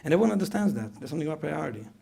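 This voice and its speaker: Gravelly fast-talking male lecturer. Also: on the high side, sing-song, warm tone. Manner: repeats phrases, asks the audience questions. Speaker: speaker at a parenting retreat. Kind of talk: conversational lecture.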